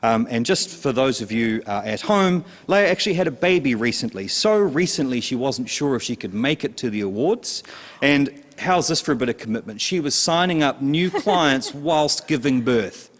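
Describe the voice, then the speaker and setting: A man's voice: medium pitch, expressive, moderate pace, big-room sound. A man hosting an online awards ceremony, announcing winners in a playful, upbeat way. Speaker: awards host.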